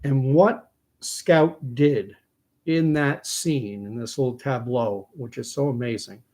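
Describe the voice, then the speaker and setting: A man's voice: medium pitch, slow, a little mellow. A man from Canada, host of his own commentary show, retelling a film scene in a reflective way.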